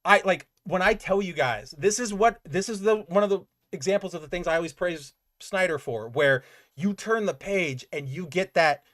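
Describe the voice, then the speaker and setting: Animated man with a raised voice. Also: sits high, normal speed. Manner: animated, heavy on "like" fillers, swears freely. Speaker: comic book podcast host. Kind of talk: casual recap chat.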